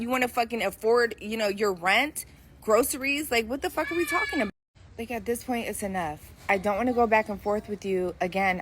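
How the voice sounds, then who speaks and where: A Philadelphia woman in her forties, heard as a guest in a played clip, delivers a heated, defiant rant directly to the camera, full of swearing and bluntness. Her mid-range voice has a fairly bright tone, and there's slight hiss or hum.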